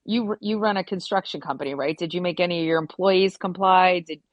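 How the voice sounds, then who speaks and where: Lively woman moderating an online talk. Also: on the low side, no room sound, lo-fi sound. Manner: lively, quick to laugh, teasing. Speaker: discussion moderator. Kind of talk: casual group discussion.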